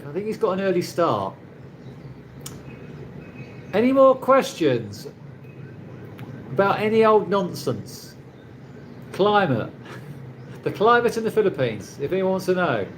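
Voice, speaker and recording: A man's voice: high-pitched, a little hiss or hum. A man from England, hosting a rambling casual live chat with viewers from his condo, laughing often. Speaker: livestream host. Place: condo in the Philippines.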